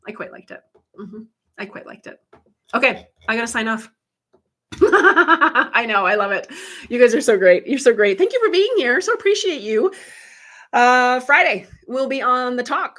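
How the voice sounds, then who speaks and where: A woman's voice: on the high side, fairly bright tone. A woman working as a spiritual medium, chatting casually with viewers on a live stream, swearing freely and laughing often. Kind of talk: casual livestream chat with viewers.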